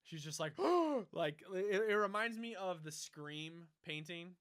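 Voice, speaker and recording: Bright-voiced man recapping a show. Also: on the high side, smooth, dry recording, clean studio sound. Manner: animated, acts out characters in quick impressions. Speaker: podcast co-host. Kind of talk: casual chat recapping a TV show.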